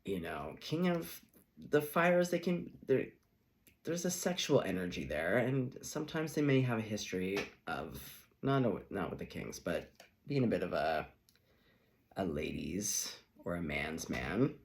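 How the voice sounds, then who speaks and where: A man with a lowish voice gives a tarot reading in a relaxed, chatty way. His pitch swoops around a lot, and he slips into playful little acted reactions as he talks through each card. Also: measured pace, creaky. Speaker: tarot reader.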